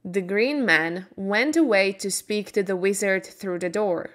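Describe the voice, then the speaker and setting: A woman reading an English storybook slowly and clearly for learners. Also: mid-range voice, a bit bright. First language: Slovak. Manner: slow, clear, careful. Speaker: English teacher reading aloud.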